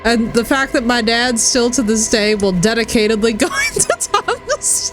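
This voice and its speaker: A woman with a fairly high voice chats casually on a game stream, animated and quick to laugh. Faint music plays under her talk. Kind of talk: casual gaming stream chat.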